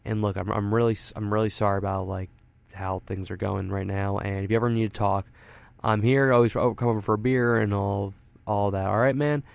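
A chummy male rat in a spoken comedy bit, all stammered apologies and easy buddy talk. His voice is low, smooth and gravelly, close and dry. A man acts him out. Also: fairly even intonation, fairly quick, no echo. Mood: apologetic. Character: friendly flustered adult male rat buddy.

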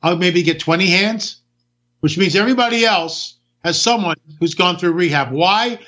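A man with a high, bright, tense voice rants through a political talk monologue, hammering each point and throwing out rhetorical questions. The sound is dull and lo-fi, with the top end rolled off. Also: normal speed. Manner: ranting, emphatic, rhetorical questions. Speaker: talk radio host.

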